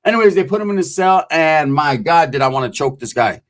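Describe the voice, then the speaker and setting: A man's voice: a little high, animated, brisk. A man telling prison stories in casual, profane street talk, acting out the voices of the people in them. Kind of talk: casual storytelling.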